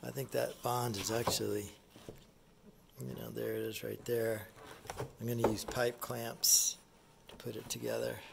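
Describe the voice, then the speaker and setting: A man casually explaining a woodworking project, thinking aloud in a relaxed way as he works. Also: mid-range voice, unhurried, vocal fry, pauses often, background noise.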